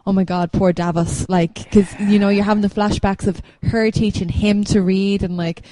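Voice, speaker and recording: A woman's voice: medium pitch, fairly even intonation, moderate pace, mellow, slight background noise, rough recording. A woman, a podcast co-host, talking casually and earnestly. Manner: earnest, emotional retelling. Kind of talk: casual chat.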